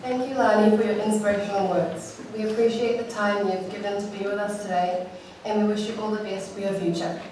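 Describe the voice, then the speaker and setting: A woman's voice: medium pitch, steady tone, fairly quick, darkish tone, some chatter behind, a little hiss or hum. A woman with a New Zealand accent acting as MC at a graduation, speaking politely and formally, heard from far off in a hall. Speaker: ceremony MC. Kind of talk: formal announcement. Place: large school hall.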